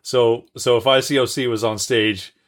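A man's voice: medium pitch, steady tone, moderate pace. A man hosting a casual podcast conversation, often affirming what the guest says and cracking jokes. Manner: affirming, jokey interjections.

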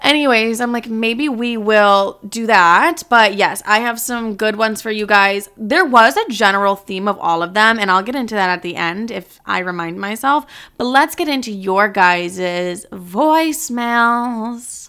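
A woman's voice: medium pitch, moderate pace, sharp tone, clear, resonant tone. A young woman in her twenties hosting her podcast from home, chatting casually and joking with lots of swearing. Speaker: podcast host. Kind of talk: casual chat.

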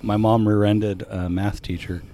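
A man's voice: fairly low pitch, level tone, measured pace, dark tone. A man co-hosting a casual podcast, teasing his friend and mimicking other people. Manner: teasing, playful, mimics voices. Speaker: podcast co-host.

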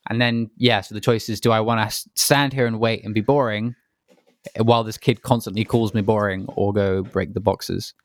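A man's voice: lowish voice, fairly even intonation, normal speed, dry recording, clean studio sound. A man chatting casually about a video game, telling a rambling story and acting out quotes.

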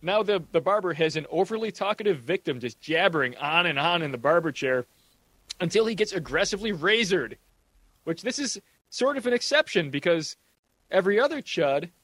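A man's voice: sits high, lively intonation, fairly quick, fairly bright tone, no echo. Joking man, dry close sound. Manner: rambling, jokey, swears freely. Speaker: podcast co-host. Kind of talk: casual movie commentary.

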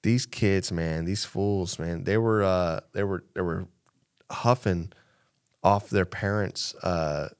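Profane, animated man telling stories. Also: deep voice, slow pace, clear, resonant tone. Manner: animated storyteller, profane, acts out quotes. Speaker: podcast co-host. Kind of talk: casual chat, storytelling.

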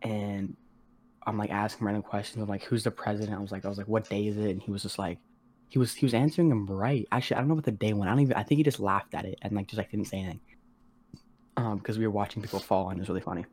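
Slangy low-voiced teenage guy. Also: steady tone, very fast, a little mellow, breathy edge. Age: teens. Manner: slangy, rambling, heavy on "like" and swearing; acts out quoted voices of others. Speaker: podcast co-host. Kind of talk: casual storytelling.

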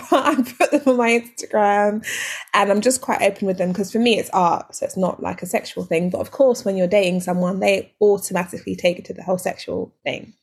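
A woman co-hosts a relaxed podcast conversation, telling stories with lots of animation. She jumps into quoted lines as she tells them. Her voice is husky, with a gravelly edge. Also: medium pitch. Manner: animated storyteller, acts out quoted dialogue. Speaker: podcast co-host. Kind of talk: casual chat.

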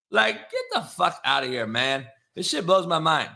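A man's voice: a little high, normal speed, gravelly. A man hosting a sports talk show, brash and profane, ranting about the news. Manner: brash, swearing, animated.

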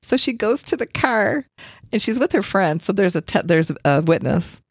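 A woman's voice: mid-range voice, animated, normal speed, dry recording, clean studio sound. A middle-aged woman, a Reiki practitioner, telling a story in casual chat and acting out the voices of the people in it.

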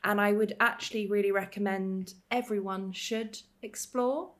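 A woman's voice: mid-range voice, fairly even intonation, normal speed. Earnest woman podcast co-host. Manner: earnest and encouraging. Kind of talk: frank casual podcast chat.

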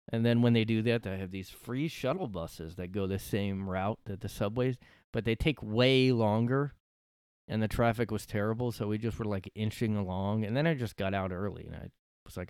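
A man rants sarcastically through a solo podcast from his room, swearing freely. His voice sits a little low and sounds smooth and clean, recorded close and dry. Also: steady tone, moderate pace, a little mellow, no room sound. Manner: sarcastic, profane, ranting. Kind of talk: casual ranting monologue.

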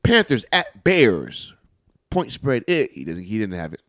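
A man co-hosting a casual sports podcast, teasing his partner and arguing his points calmly. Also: fairly low pitch, unhurried, dry recording, studio quality. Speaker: podcast co-host.

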